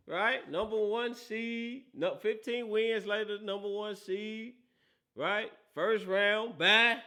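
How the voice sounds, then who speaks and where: A man's voice: high-pitched, pushed and bright. A man hosting a casual football talk show, teasing and laughing often, with a habit of asking "right?". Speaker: host.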